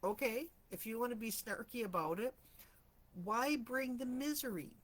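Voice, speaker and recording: A woman talks in a loose, chatty way, winding through everyday stories as she hosts a live chat. Her voice sits a touch high and sounds slightly rusty, with frequent throat clearing between thoughts. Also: normal speed. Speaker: host of a live stream for empaths.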